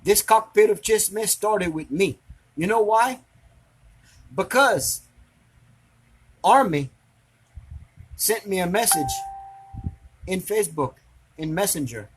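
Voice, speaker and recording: A man's voice: high voice, animated, slow pace, pauses often, husky. A man delivering an angry, preachy rant to an online audience, firing off rhetorical questions and repeating himself for emphasis. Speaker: commentator reacting to social media drama. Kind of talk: angry ranting monologue.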